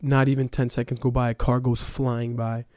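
Young man telling a testimony, mellow, smooth. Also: mid-range voice, little pitch movement, moderate pace, dry recording, studio quality. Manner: casual storytelling with many fillers. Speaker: testimony speaker. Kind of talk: personal testimony.

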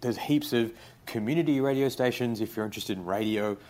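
A young Australian man, a writer being interviewed, talking in a relaxed, rambling way with lots of fillers. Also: medium pitch, a little fast. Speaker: guest, writer. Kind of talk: casual interview.

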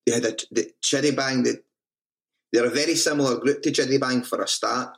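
Gravelly Scottish man swapping stories. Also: medium pitch, fairly even intonation, a little fast. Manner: swears freely, restarts a lot, self-mocking. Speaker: band frontman and guest. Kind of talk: casual interview storytelling.

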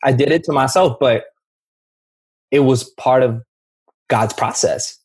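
A young man with a medium-pitched, husky voice speaks a little slowly as an interview guest, candidly recounting his addiction. He's slangy and earnest, and he often repeats himself.

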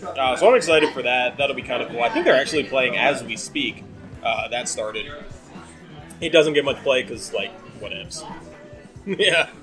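Rambling, laughing podcast host. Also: male voice, mid-range voice, expressive, moderate pace, music in the background. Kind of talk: casual chat.

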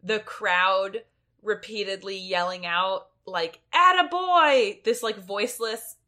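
A woman hosting a podcast in casual chat, an animated and jokey storyteller. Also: medium pitch, takes it slowly. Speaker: podcast host.

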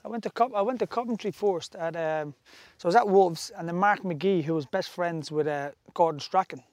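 An Irish man in his forties, once a footballer, tells stories in casual chat, rambling with lots of restarts and asides. His voice sits high and moves a little fast, with no echo.

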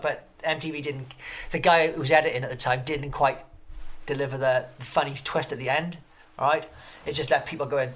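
A man's voice: mid-range voice, fairly even intonation, a little fast, fairly bright tone. Profane, rambling male interview guest. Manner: swears constantly. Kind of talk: casual interview chat.

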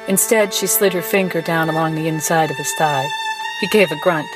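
A woman's voice: low voice, fairly quick, low-quality recording. Woman narrating a tense story over music. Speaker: guest reader. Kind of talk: audiobook-style narration. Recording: music playing behind voice.

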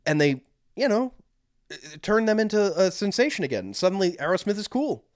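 On a casual podcast, a male co-host with a high, very animated, brisk voice tells stories at his own loose pace. He rambles, doubles back, restarts and fills gaps with "um" and "like." The close mic gives a dry recording with no room sound.

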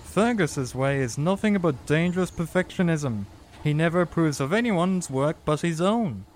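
A man's voice: on the high side, animated, moderate pace, a little hiss or hum, pitched above the performer's own voice, close to an everyday voice. A man voicing a proud male steam engine who defends himself indignantly.

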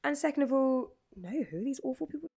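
A woman co-hosting a casual fashion chat, chatty and quick to agree. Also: high voice, animated, slightly rough, soft background music. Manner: chatty, warm-hearted, lots of agreeing. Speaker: podcast co-host.

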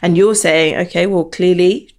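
A woman co-hosting a podcast, an animated storyteller who acts out the people she quotes. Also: lowish voice, moderate pace. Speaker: podcast co-host. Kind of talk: casual conversation.

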